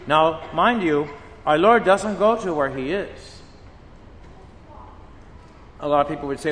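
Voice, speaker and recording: A man preaching a sermon as a priest, slow and emphatic, acting out dramatic quotes. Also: on the high side, lively intonation, fairly bright tone, a little hiss or hum. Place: church shrine. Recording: long church reverb.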